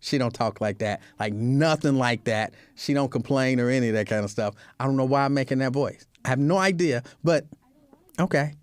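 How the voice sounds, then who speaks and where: A man's voice: mid-range voice, fairly quick, smooth, no room sound. A man hosting a show, telling a comedic casual monologue with joking, repetitive asides. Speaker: show host.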